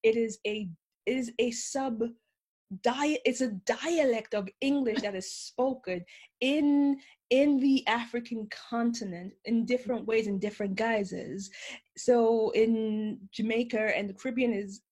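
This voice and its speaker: Husky-voiced woman hosting a podcast. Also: on the high side, unhurried, a little mellow. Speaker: podcast host. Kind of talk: casual conversation.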